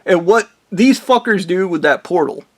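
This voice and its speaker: Casting note: a man ranting alone to camera, angry and swearing, slightly higher pitch. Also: lively intonation, moderate pace. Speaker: vlogger.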